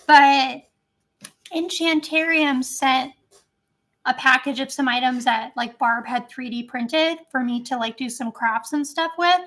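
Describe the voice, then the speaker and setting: A chatty woman with a high, light voice, talking fast and loosely on a home live stream. She rambles and giggles between thoughts, casual and unscripted. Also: fairly bright tone. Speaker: vlogger.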